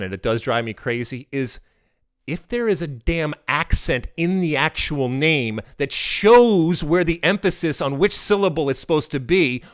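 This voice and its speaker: A middle-aged man hosting a casual podcast, talking in an animated, emphatic way that swings into loud exasperated rants. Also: a little high, no room sound, clean studio sound. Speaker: podcast host.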